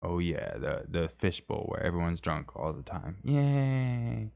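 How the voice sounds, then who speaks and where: A man's voice: low voice, moderate pace, vocal fry. A man hosting a live stream, reading viewer comments in casual, rambling chat with joking, self-deprecating asides.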